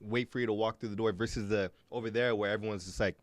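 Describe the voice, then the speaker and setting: A young Canadian man hosting a podcast, talking casually in a halting way, often repeating his words as he tells stories. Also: fairly low pitch, steady tone, dry recording. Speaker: podcast host.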